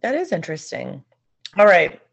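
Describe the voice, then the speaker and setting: A woman's voice: on the low side, very animated, moderate pace, vocal fry, highs cut off. A woman co-hosting a podcast in casual chat, talking candidly and swearing now and then. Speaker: podcast co-host.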